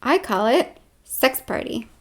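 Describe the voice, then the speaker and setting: High-pitched woman rambling to camera. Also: lively intonation, slow. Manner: rambling, with many fillers and sudden swings between loud and hushed. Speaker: vlogger. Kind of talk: rambling casual monologue.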